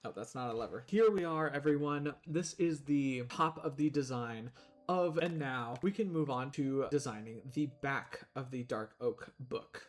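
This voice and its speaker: Young man, gaming streamer, casual rambling commentary, mid pitch, talks while eating. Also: normal speed.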